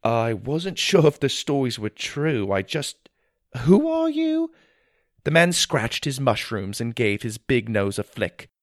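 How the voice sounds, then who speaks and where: A man narrating a children's fantasy story in the first person, with an expressive, wonder-filled delivery. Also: mid-range voice, a little slow, few pauses, no room sound.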